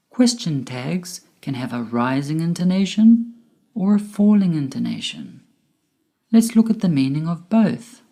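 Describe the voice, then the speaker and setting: With a deep, warm voice, a woman reads a scripted English grammar lesson slowly and deliberately. Her examples swing through exaggerated rises and falls in intonation.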